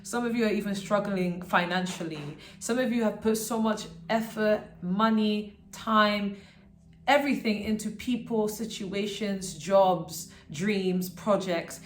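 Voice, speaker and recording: A woman's voice: mid-range voice, unhurried, reverberant, a little hiss or hum. A woman giving a pick-a-card tarot reading to her viewers. She talks in a rambling, earnest way and keeps checking in with "okay?". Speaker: tarot reader.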